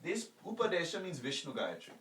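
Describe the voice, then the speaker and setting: A man teaching a spiritual lecture, explaining terms slowly and leading call-and-response recitation while asking rhetorical questions. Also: on the high side, wildly swooping pitch, fairly bright tone, slight background noise. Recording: echoey room, voice from a distance.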